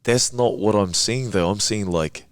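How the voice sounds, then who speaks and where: Man, podcast guest, low pitch, relaxed, reflective, dry close sound. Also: dry recording. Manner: laid-back, laughs often, slows down on key words. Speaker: podcast guest, men's work facilitator. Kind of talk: casual podcast discussion.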